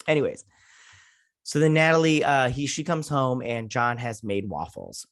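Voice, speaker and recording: A man's voice: medium pitch, normal speed, fairly bright tone, no room sound, studio quality. A man hosting an online show, casually retelling and reviewing a TV episode with lots of fillers, getting heated with opinions. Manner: rambling retelling with many fillers and acted-out quotes. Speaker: host.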